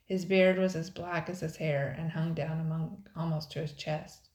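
An older woman, a grandmother, reading a children's adventure book aloud in a measured, expressive way. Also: deep voice. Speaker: storybook reader. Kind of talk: children's audiobook narration. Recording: roomy echo.

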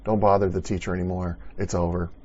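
A man's voice: sits low, level tone, fast, a little mellow, slightly rough, dull audio. A man voicing a blunt male messenger delivering bad news.

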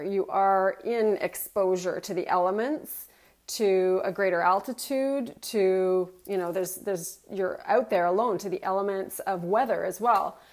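A middle-aged woman, a motivational speaker, telling a personal story and acting out her own thoughts. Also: mid-range voice. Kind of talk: personal story told to an audience.

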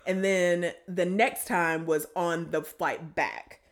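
A woman's voice: fairly low pitch, fairly even intonation, slow. A woman, chatting casually and telling an exasperated story, often acting out quotes.

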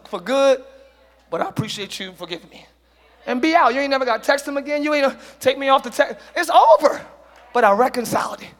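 In a church hall with a congregation, a male pastor delivers a sermon in a very high, bright and forceful voice. He surges into shouted peaks and calls out to the congregation, slipping into casual slang and playful quoted voices.

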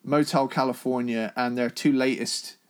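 A man's voice: medium pitch, steady tone, moderate pace, clean tone. A man co-hosting a podcast in casual chat, enthusiastic and swearing casually as he gives his opinions. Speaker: podcast co-host.

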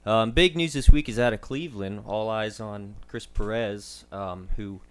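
A young man who is the medical contributor on a casual sports podcast. He explains injuries in a measured way, with frequent ums and uhs. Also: on the low side, clean tone.

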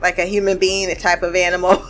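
A woman's voice: fairly low pitch, completely flat delivery, fast, fairly bright tone. Woman, casual episode recap, chatty, laughs a lot, faint music underneath. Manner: chatty, laughs often, acts out quoted lines.

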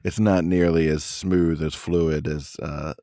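A man's voice: extremely low pitch, steady tone, slow pace, mellow, dry recording, clean studio sound. A man co-hosting a casual wrestling review podcast, rambling with lots of fillers and restarts. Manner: rambling, many fillers and restarts, laughs often. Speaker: podcast co-host.

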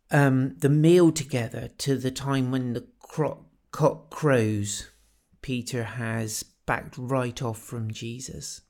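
A man giving a reflective devotional talk on a Bible passage, retelling the scenes in the voices of the people in it. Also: mid-range voice. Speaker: preacher.

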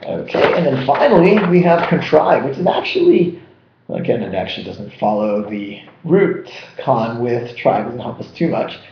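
Lively man teaching vocabulary, roomy sound. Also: medium pitch, moderate pace, highs cut off. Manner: animated, jokey explainer. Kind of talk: energetic vocabulary lesson.

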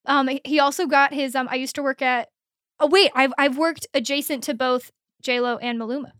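A woman's voice: high voice, steady tone, a little fast, fairly bright tone, dry recording, studio quality. A woman from the Midwest co-hosting a podcast, chatting casually about a movie with plenty of likes and ums and acted-out quotes. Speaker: podcast co-host.

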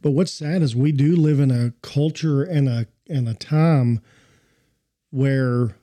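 A man's voice: medium pitch, slow pace, mellow. A man co-hosting a casual chat, speaking in an earnest, reflective way. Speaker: podcast co-host.

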